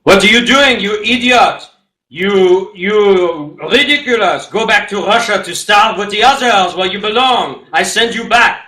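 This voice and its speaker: A man doing an impression of an irate, explosive French restaurant boss who shouts insults in mock French-accented English. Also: sits high, unhurried, reverberant, voice pushed up, rough recording. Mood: furious.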